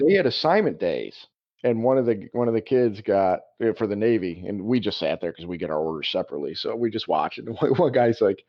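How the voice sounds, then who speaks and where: A man co-hosting a podcast, telling a story in a casual, animated way with laughs. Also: on the low side, a little fast. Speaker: podcast co-host. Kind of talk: casual chat. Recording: dull lo-fi podcast audio.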